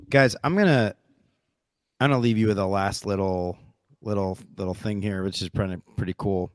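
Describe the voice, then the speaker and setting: Male podcast host, low register, earnest rambling storyteller, dry studio sound. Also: fairly quick, dry recording. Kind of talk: casual storytelling.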